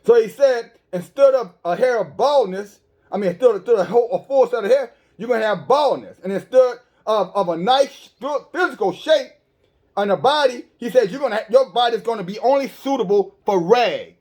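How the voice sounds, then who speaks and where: A man's voice: very high-pitched, animated, brisk, a little mellow. A man preaching an online sermon, talking straight to his listeners with rhetorical questions and many stammered restarts. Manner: emphatic, with frequent stammered restarts.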